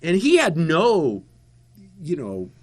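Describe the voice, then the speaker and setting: A man, a guest and former TV interviewer, telling a lively story in casual chat with laughter. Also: a little high, takes it slowly, husky.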